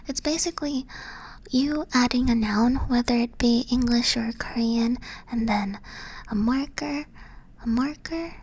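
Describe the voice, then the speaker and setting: Woman, close-mic ASMR whisperer, slightly high, unhurried, patient teacher. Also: breathy edge, low-quality recording. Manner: soft unvoiced whisper, patient, self-correcting. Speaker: ASMR streamer teaching Korean. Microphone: close ASMR microphone.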